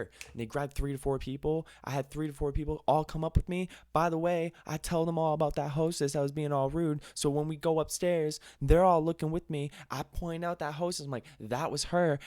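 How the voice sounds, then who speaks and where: A young man hosting a podcast, telling a funny story in casual chat, animated, laughing often and swearing casually. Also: fairly high pitch, fairly quick, few pauses, no echo, studio quality. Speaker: podcast host.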